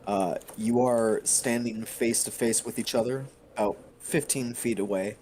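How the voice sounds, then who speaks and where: A man narrating as game master of a tabletop game, halting and full of fillers. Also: mid-range voice, fairly even intonation, a little mellow, a little hiss or hum.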